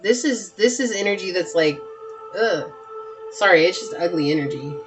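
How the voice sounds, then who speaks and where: A woman's voice: fairly low pitch, lively intonation, moderate pace, music in the background. A woman giving a pick-a-card tarot reading, talking straight to her viewers with lots of emphatic repetition. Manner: emphatic, repeats herself, talks straight to viewers. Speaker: tarot reader.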